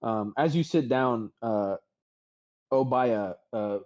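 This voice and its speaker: A man's voice: medium pitch, takes it slowly, a little mellow. A man narrating a tabletop game as game master, casual and full of fillers, on slightly dull audio.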